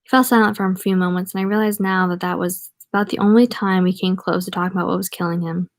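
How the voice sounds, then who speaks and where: A woman's voice: fairly low pitch, fairly even intonation, fast, dry recording. Woman reading a novel aloud, dry sound. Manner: reads a novel aloud, breaking off for wry spoken comments. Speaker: audiobook reader. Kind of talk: casual read-aloud with asides.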